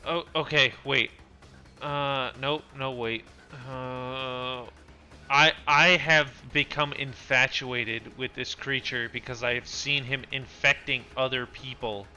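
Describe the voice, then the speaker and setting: A man playing a tabletop game who gets excitable and shouts in bursts, slipping in and out of his character. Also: medium pitch, slow. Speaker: player. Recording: dull lo-fi sound with faint background music.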